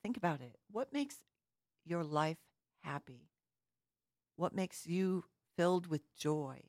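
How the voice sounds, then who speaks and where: Low-voiced woman telling a personal story. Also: animated, slow pace, darkish tone, no echo, clean studio sound. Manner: earnest storytelling with rhetorical questions. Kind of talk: reflective personal talk.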